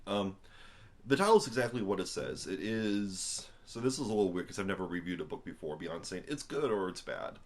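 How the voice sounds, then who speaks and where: Tired low-voiced American man rambling. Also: animated, fairly quick. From United States. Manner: rambling, full of fillers and restarts, wry asides. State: tired after a long day. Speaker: vlogger reviewing a book. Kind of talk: casual rambling monologue. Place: at home indoors. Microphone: camera on a tripod.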